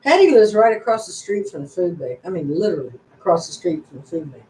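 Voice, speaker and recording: A woman's voice: on the low side, very animated, fast talker, warm tone, a little hiss or hum. An older woman hosting a casual live-stream chat, rambling along in a folksy, chatty way. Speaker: channel host. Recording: echoey room.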